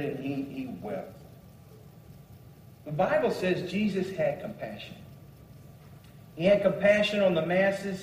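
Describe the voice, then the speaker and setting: Guy preaching in a church, kinda high voice, echoey hall, mic far off. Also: darkish tone, slight background noise. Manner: reads scripture and comments with varied emphasis. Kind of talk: sermon.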